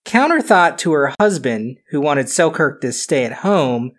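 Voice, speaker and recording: A man's voice: fairly high pitch, very animated, a little slow. A man hosting a casual podcast, telling a history story loosely, with frequent fillers and chuckles.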